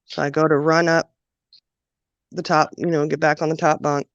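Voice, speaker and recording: A woman telling her own childhood story in a halting, emotional way, with many pauses and fillers. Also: low voice, level tone, no room sound. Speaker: guest sharing childhood story. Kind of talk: personal storytelling. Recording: dull, dry lo-fi sound.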